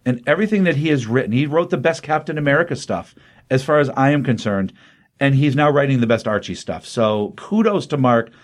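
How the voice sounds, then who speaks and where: A man's voice: medium pitch, a little fast. A man co-hosting a podcast, casually retelling a comic's story in a rambling way, slipping into quoted lines as he goes. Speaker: podcast co-host. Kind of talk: casual chat recapping comics.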